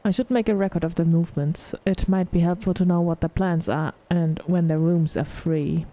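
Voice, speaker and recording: A woman's voice: on the low side, fairly even intonation, normal speed, dark tone. A woman reading a mystery game's text aloud in a casual way, often stumbling over words and starting them again. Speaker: game streamer.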